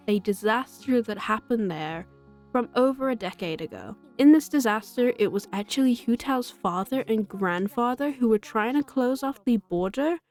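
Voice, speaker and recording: A chatty young woman recaps a game's story in a casual, animated way, laughing often at her own jokes. Her voice sits a little high, with faint music playing underneath. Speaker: gaming video host.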